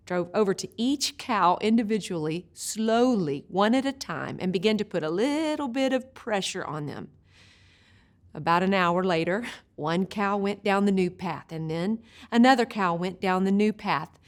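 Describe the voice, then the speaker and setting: A woman teaching a video Bible study, an expressive storyteller who slows down for vivid images. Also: medium pitch.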